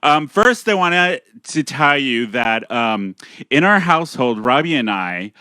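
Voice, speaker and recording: Giggly male host, bright and tense, dry close sound, bawdy chat. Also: medium pitch, sing-song, smooth, no echo. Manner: giggly, bawdy, quick to laugh. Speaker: podcast host. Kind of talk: casual chat. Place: warm home studio.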